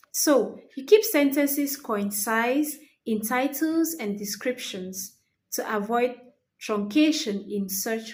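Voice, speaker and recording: A woman teaching English punctuation, explaining slowly and repeating key phrases for emphasis. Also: fairly high pitch.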